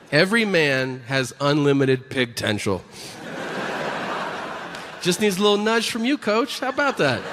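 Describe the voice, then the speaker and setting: Male stand-up comic, 40s, lively and profane, slightly high voice, live stage recording with crowd noise. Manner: profane, animated storytelling with acted-out quotes. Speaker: stand-up comedian. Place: stage before a live audience.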